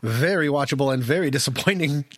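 A man co-hosting a casual film podcast, joking around with quick wisecracks. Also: medium pitch, dry recording. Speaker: podcast co-host. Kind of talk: casual chat.

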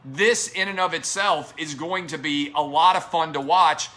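A man's voice: on the high side, moderate pace, pushed and bright. A man hosting a sports talk show, delivering an emphatic, combative solo monologue that repeats its key points.

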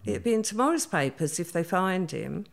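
An older woman tells her stories in a chatty interview. Her voice sits low and has a gravelly, fried edge. She slips into the voices of the people she quotes as she goes. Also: very animated, normal speed. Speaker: guest. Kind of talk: storytelling interview.

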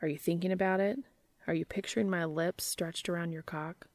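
A woman voicing a brash, eager adult man, speaking in a hushed, urgent way in an amateur audiobook reading. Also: lowish voice, steady tone, a little fast, no room sound, lightly acted.

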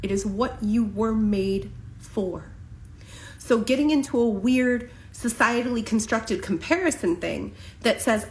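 A woman's voice: fairly high pitch, reverberant, rough recording. Impassioned woman giving a spiritual reading. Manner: impassioned, emphatic, with slow deliberate pauses. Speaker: tarot reader. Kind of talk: spiritual reading for a general audience.

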